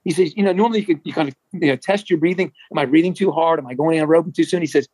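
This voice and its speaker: A middle-aged man from New Jersey, a former marathon runner, telling a story in a chatty, animated way. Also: on the high side, rapid-fire, no echo, rough recording. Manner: animated, chatty, frequent restarts and laughs. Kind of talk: casual storytelling.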